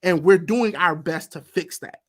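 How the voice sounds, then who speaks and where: A man's voice: high-pitched, a little slow, a bit bright, breathy edge. A man hosting a panel debate, talking in an earnest, impassioned way and often repeating words as he starts a thought. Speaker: show host.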